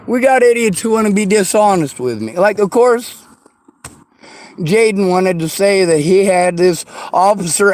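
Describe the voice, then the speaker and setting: A man venting in an angry, profane rant, often shouting and swearing hard. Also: high-pitched, dry recording. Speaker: vlogger.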